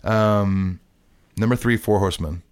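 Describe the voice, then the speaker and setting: The speaker is a male podcast co-host with a fairly low, smooth voice and an unhurried delivery, free of echo. His casual chatter is relaxed and meandering, with frequent restarts and filler words.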